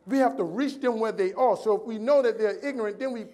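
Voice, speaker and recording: A man with a high voice delivers a preacher-like keynote from a conference stage. He hammers phrases by repeating them and acts out every character in his stories. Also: quick pace, warm tone. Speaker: motivational speaker. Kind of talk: storytelling keynote speech. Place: conference stage before a live audience.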